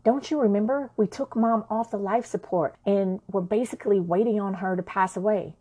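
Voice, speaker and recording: A woman's voice: mid-range voice, normal speed, dark tone, breathy edge. A woman narrates her own story in a frank, everyday voice. She talks conversationally and swears without holding back.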